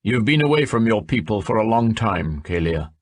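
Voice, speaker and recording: A man's voice: fairly low pitch, sing-song, moderate pace, dry recording, clean studio sound. A man voicing a grave male elf messenger who brings a warning, in an audiobook.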